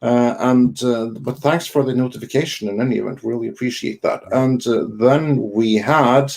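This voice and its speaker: Halting male live-stream co-host. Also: mid-range voice, creaky, a little mellow. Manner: halting, many ums and restarts. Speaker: co-host of an online entertainment news show. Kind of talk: casual live-stream chat reading Super Chats.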